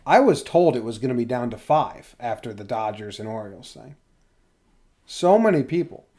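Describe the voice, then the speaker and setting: A man's voice: medium pitch, lively intonation, brisk, mellow. A man co-hosting a podcast in casual chat, teasing his partner and talking baseball. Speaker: podcast co-host.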